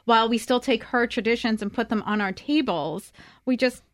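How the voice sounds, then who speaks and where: A woman co-hosting a food talk show, chatty and quick to laugh. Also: fairly high pitch, no room sound, clean studio sound. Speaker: co-host.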